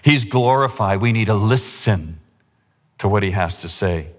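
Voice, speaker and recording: A man's voice: lively intonation, measured pace. Impassioned male preacher in echoey hall. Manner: impassioned preaching, rising pitch at climaxes. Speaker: pastor. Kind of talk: sermon. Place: church sanctuary. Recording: long hall reverb.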